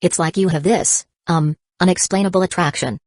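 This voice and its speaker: An awkward teenage boy stammers out apologies, as a woman narrator reads him. The voice stays low and plain, with a dry, close sound. It suits a storybook audiobook. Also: steady tone, normal speed, a little mellow, dry recording, natural voice. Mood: apologetic.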